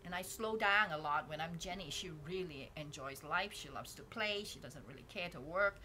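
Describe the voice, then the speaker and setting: Woman, vlogger, candid rambling talk, lowish voice, dedicated mic, faint background hiss. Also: normal speed, pushed and bright. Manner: rambling, candid and self-reflective, with frequent restarts. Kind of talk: casual talking-head reflection. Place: indoors at home, painting behind her. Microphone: dedicated microphone.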